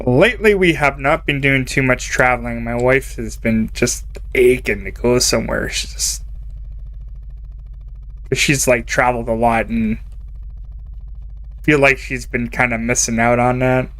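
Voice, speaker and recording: A man's voice: mid-range voice, steady tone, measured pace, long pauses, a bit bright. A young man from Canada chatting casually and rambling while he streams a game, laughing often. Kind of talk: casual chat while gaming.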